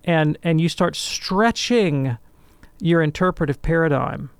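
A man in a call-in radio discussion, answering a listener's question in an animated, lecturing way and checking in with "right?". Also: on the high side, measured pace, vocal fry, smooth, no room sound.

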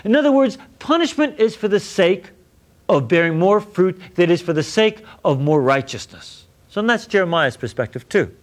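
A man teaches a Bible lesson, reading passages aloud and then restating them in plain, everyday speech. His voice sits fairly high for a man, and his pitch rises and falls widely as he explains. He talks like a lecturer walking a class through a text. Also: big pitch swings, moderate pace. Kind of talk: scripture lecture.

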